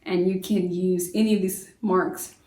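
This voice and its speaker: A woman teaching a homeschool lesson in a casual style, acting out quoted lines loudly, with many fillers. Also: fairly low pitch, little pitch movement, a little slow. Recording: roomy sound from a distance.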